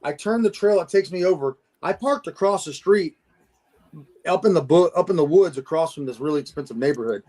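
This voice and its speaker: A man's voice: fairly high pitch, a little fast, dark tone. A man guest telling his encounter story in a casual interview, with a lot of stammering restarts and laughing at himself. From Florida. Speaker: Bigfoot investigator guest.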